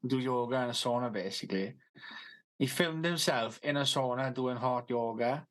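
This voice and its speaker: A man's voice: medium pitch, normal speed, fairly bright tone. A man co-hosting a podcast, chatting casually with dry quips. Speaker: podcast co-host. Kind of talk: casual chat.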